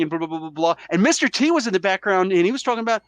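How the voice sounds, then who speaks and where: A man hosting a podcast while sick with a cold, arguing his side in a casual, animated way and acting out quotes. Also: sits high, racing, hardly any pauses. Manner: animated, argumentative, acts out quotes. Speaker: podcast host. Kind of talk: casual debate chat.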